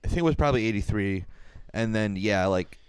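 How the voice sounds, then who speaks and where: Lowish-voiced man telling a casual story. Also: brisk, smooth, no room sound. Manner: relaxed storyteller, profane. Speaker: podcast co-host. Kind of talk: casual chat.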